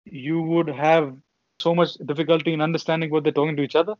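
Chatty young man, fairly high voice. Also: flat delivery, quick pace, no echo. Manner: meandering, chatty explanations. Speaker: podcast co-host. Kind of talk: casual chat. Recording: dull lo-fi sound.

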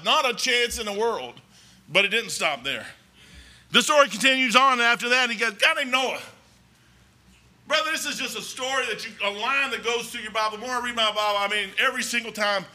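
A man's voice: high-pitched, brisk, bright, forceful tone. A man preaching a folksy, rambling sermon in a church, talking emphatically and conversationally.

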